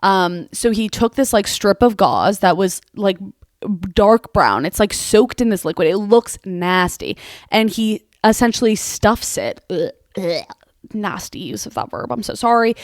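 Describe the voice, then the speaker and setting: A woman's voice: mid-range voice, dry recording, studio quality. Chatty young woman telling a story. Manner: chatty, animated, self-mocking, lots of "like". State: sore mouth after dental surgery. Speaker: podcast host. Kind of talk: casual monologue storytelling.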